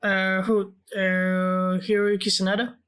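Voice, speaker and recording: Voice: mid-range voice, level tone, slow, fairly bright tone, clear, resonant tone. A podcast co-host in casual chat, laid-back and hesitant, with many fillers.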